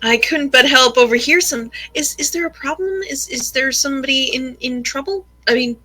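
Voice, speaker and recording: A woman player speaking in character, polite and tactful with hesitant pauses. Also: sits high, pushed and bright, soft background music. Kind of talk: in-character tabletop role-play.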